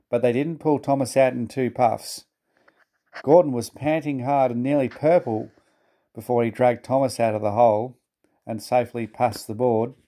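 A man narrates a children's storybook in a measured, gentle way. His voice is mellow and dark, pitched in the middle of the range. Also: fairly even intonation. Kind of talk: storybook reading aloud.

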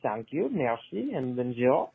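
A man leaving a voicemail as a caller, putting on a hammy young male French soccer fan with halting mock French phrasing. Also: mid-range voice, very animated, gravelly, slightly rough, dry recording, full character voice. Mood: earnest. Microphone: phone. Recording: tinny phone voicemail.

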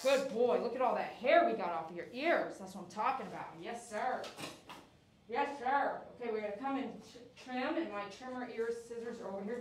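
A woman's voice: a little high, a little fast, distant mic, a little hiss or hum. A woman grooming a dog on a live stream, cooing praise and giving firm commands to the dog. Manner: soothing dog talk mixed with firm commands. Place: grooming salon. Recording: echoey room, mic set back.

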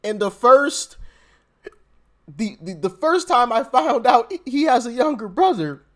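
A man's voice: very high-pitched, very animated, unhurried, fairly bright tone. A man hosting a casual commentary video, reading news stories aloud and reacting to them, laughing often and stumbling over his words as he talks straight to his viewers. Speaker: commentary channel host.

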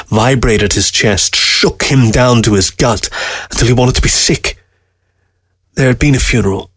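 A man narrating a story in an even, measured reading. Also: lowish voice, no room sound, clean studio sound. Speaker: story reader.

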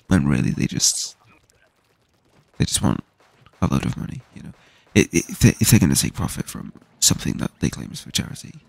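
A young man from the UK streams a game, swearing and ranting casually with frequent restarts. He has a deep, husky voice with vocal fry, recorded without echo.

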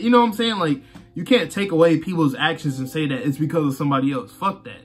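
A man with a slightly raised voice chats loosely through a manga read-through, circling his points with plenty of fillers and casual swearing. Soft guitar music sits quietly underneath. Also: on the high side, fast, slightly rough. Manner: rambling, conversational, swears freely, many fillers. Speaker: manga reaction channel host.

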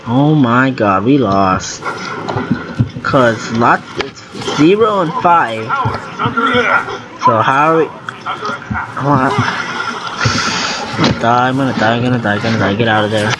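A gaming video creator gives live commentary as he plays, thinking aloud, getting flustered easily, and exclaiming and groaning along the way. His medium-pitched voice is expressive and unhurried, with frequent pauses, over loud background noise.

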